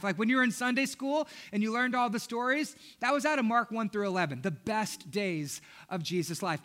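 A man preaching a sermon as pastor, with energetic, repetitive emphatic delivery. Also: very high voice.

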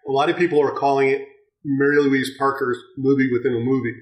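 A man co-hosting a casual film review chat, talking haltingly with many restarts. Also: mid-range voice, level tone, recorded from a distance. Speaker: podcast co-host. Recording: echoey room, voice off-mic.

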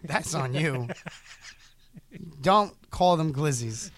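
A man from New York co-hosting a podcast, joking and telling animated stories in casual banter. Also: fairly high pitch, slow pace. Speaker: podcast co-host.

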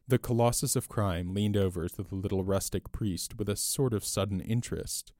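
Low-voiced man reading a story. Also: moderate pace, darkish tone, no room sound, clean studio sound. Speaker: narrator. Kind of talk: scripted audiobook narration.

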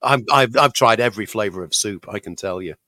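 A British man, a podcast co-host, chatting casually with a gravelly voice while recovering from illness, often repeating words. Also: lowish voice, fairly quick, pushed and bright, no room sound, clean studio sound. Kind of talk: casual chat.

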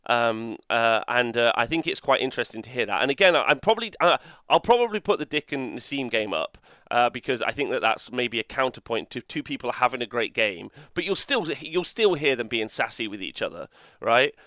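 A man's voice: medium pitch, sing-song, fairly quick, sharp tone, no echo. A man hosting a podcast, chatting casually, who rambles, swears and keeps tagging his points with "right?" and "like". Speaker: podcast host. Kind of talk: casual chat.

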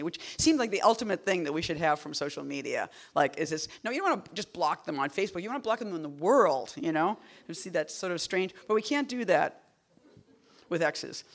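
A woman poet giving a casual talk at a reading series. She wanders off on tangents, fills gaps with "like" and "you know", and drops wry, deadpan asides. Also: fairly low pitch. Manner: rambling and digressive, full of "like" and "you know".

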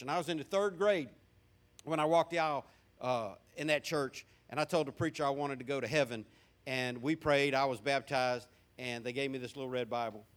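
A man in his fifties with a Southern American accent, preaching a sermon in a folksy, humorous storytelling manner. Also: fairly high pitch.

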